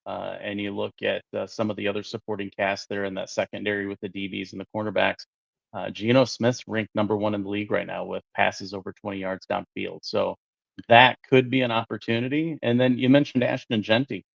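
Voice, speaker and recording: A man co-hosting a sports talk show, relaxed and rambling, peppering his speech with fillers. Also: on the low side, a little fast, gravelly, dry recording, highs cut off. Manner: relaxed, lots of "uh" and "you know". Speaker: podcast co-host.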